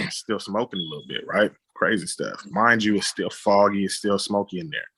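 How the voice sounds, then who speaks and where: Man recounting a story on a podcast, low husky voice, vivid spoken sound effects. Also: expressive, moderate pace, bright, forceful tone. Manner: frequent "you know what I'm saying". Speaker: guest, film director. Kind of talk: telling a personal story on a podcast.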